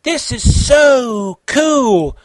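A man's voice: sits high, expressive, moderate pace, husky, no room sound. Man doing a squealing hyper anime girl. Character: excitable teenage anime girl.

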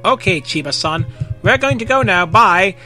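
A gentle, fidgety teenage girl, as a man reads her with a bright, slightly raised voice. She hesitates and stumbles over her words. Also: high-pitched, expressive, moderate pace, faint music behind, voice pushed up, full character voice. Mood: awkward. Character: awkward cheerful teenage girl friend.

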